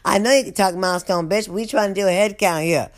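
A storyteller putting on a rowdy, cursing prison inmate in a very high voice. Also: quick pace, close to an everyday voice. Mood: squabbling. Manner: brash, cursing, squealing. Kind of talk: comic impression in a story.

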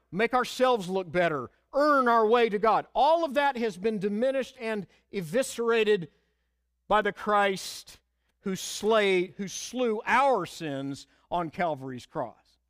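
A man's voice: high-pitched, a bit bright, dry recording, studio quality. A man preaching an expository sermon, earnest and emphatic, quoting scripture and hymn lines.

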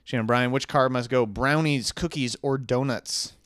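A man's voice: mid-range voice, normal speed, no echo, studio quality. A man hosting a podcast, running a food quiz and teasing his co-hosts with lots of swearing. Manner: lively, teasing, swears a lot. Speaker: podcast host. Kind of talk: casual profane podcast banter.

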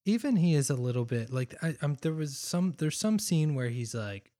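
A man's voice: fairly high pitch, big pitch swings, moderate pace, dark tone. Laid-back young man, dry quips. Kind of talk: casual chat about a movie.

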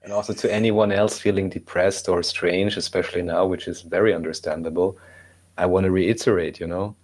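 Male guest, deep monotone voice, measured and reassuring. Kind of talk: casual conversation.

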